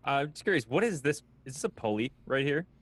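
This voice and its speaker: A man's voice: mid-range voice, animated, quick pace. A man playing in a tabletop game, who asks easygoing questions about the map and his moves. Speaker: player. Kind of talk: casual table talk.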